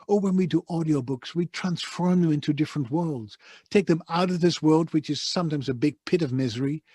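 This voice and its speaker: Passionate Dutch-accented man, husky voice. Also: a little high, warm tone, no room sound. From Netherlands. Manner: passionate, emphatic, vivid storyteller. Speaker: voice-over artist guest. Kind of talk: conversational interview storytelling. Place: soundproof home studio booth.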